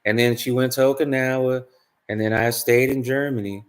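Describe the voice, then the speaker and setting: A man talks straight to his audience in a loose storytelling monologue. He rambles and doubles back, lands his points with emphasis and swears freely, in an ordinary mid-pitched voice. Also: fairly even intonation, moderate pace. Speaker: spiritual vlogger.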